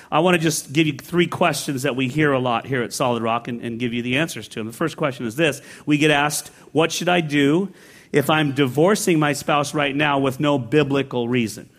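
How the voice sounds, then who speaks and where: Middle-aged guy pastor preaching in a big church, kinda high voice, storytelling and getting worked up. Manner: storytelling, rising to excited peaks. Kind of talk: sermon. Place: large church sanctuary.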